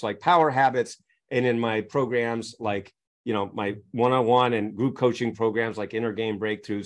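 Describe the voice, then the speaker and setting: A man speaking as a coaching guest on a podcast, explaining his method through examples and constantly checking in with his listeners. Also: mid-range voice. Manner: teaches through examples, keeps checking in with "right?".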